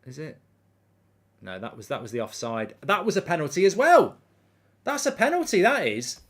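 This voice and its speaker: A man hosts a live football watchalong with a fairly high voice. He reacts in animated, indignant outbursts and reads viewer comments aloud in a casual, chatty way. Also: moderate pace.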